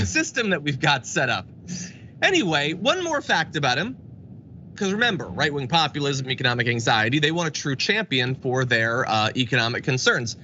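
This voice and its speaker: A man's voice: on the high side, sharp tone, muffled recording, a little hiss or hum. A man hosting a live political news show, delivering the stories with dry, sarcastic commentary. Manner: sarcastic, wry and quick. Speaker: news talk show host.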